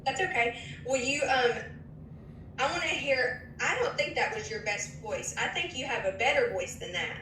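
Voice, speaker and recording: A woman's voice: on the high side, normal speed, pushed and bright. A woman, a therapist leading an online group session in an encouraging, coaxing way. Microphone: video call. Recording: roomy, distant, faint hiss.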